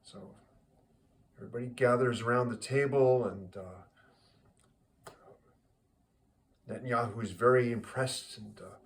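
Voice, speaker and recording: A man telling a joke in a relaxed, rambling way, full of fillers. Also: medium pitch, normal speed, pauses often. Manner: rambling, chatty, many fillers. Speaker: joke teller.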